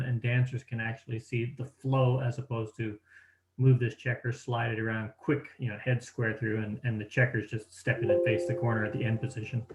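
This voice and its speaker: A man who is a square dance caller, chatting in a friendly, enthusiastic way on a video call. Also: mid-range voice. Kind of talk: casual chat on a video call. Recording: roomy, dull call audio.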